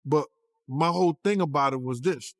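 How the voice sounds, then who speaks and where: A man's voice: a little high, normal speed, dry recording. Emphatic man in a dry recording. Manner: streetwise, emphatic, repeats words. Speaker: commentator in a clip. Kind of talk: casual talk.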